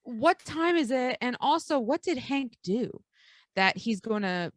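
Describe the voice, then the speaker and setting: A woman co-hosting a podcast, chatting casually and playfully with joking asides and quick questions. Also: fairly high pitch, expressive. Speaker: podcast co-host. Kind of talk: casual recap chat.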